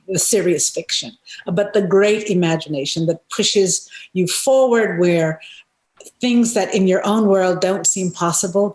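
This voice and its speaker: A woman with a fairly low voice speaks slowly and thoughtfully over a video call, pausing to search for the right words. Her voice comes through with a roomy echo. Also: darkish tone. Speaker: actor on a reunion panel. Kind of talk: casual panel chat.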